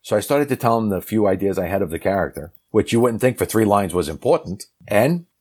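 A man telling a lively anecdote from his acting career as a guest, acting out the people he quotes. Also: fairly low pitch, fairly quick, slightly rough. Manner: animated storyteller acting out quoted lines. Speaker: actor telling a story as guest. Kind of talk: casual anecdote.

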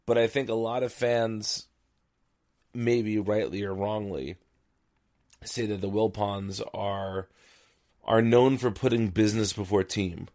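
A man's voice: on the low side, level tone, takes it slowly, long pauses, a little mellow. A man co-hosting a sports podcast, chatting casually with a wry, tired manner and reading out listener email. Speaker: podcast co-host.

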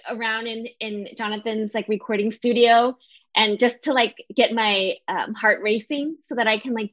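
A woman's voice: fairly high pitch, fairly bright tone. A woman, a cast member, chatting casually in a bubbly, upbeat way. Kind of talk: casual chat. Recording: dull lo-fi audio.

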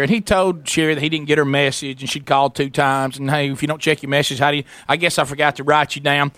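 A man telling a long animated story on a radio show, acting out the voices of the people in it. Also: fairly high pitch, fast talker, few pauses, clean tone, no room sound.

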